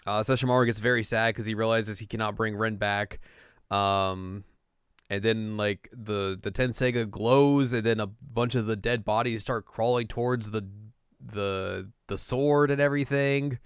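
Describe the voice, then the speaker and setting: Guy recapping an anime ep, laid-back chat, smooth clear voice right up on a dry mic. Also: on the low side, steady tone, no echo. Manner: retells scenes with quick mock voices for the characters, laughs often. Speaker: podcast co-host recapping an anime.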